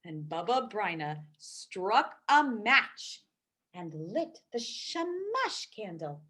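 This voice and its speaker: Expressive woman reading a bedtime story. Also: mid-range voice, takes it slowly. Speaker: cantor.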